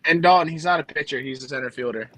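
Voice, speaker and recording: A man from Delaware co-hosting a sports podcast, relaxed and hedging as he talks. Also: fairly high pitch, fast, poor audio. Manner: relaxed, hedging, says "like" often. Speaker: podcast co-host. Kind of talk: casual sports podcast chat.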